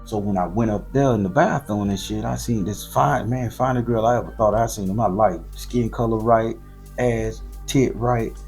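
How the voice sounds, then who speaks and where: Southern US male storyteller, 40s, raspy-edged low voice, profane and rambling. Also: normal speed, soft background music. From southern Florida. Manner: loose, profane and animated, with slangy repetition.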